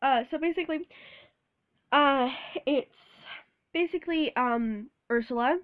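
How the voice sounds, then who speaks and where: A young woman, sick with a sore throat, rambling awkwardly in a casual vlog, halting and laughing often. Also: high-pitched, phone-quality sound. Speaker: vlogger.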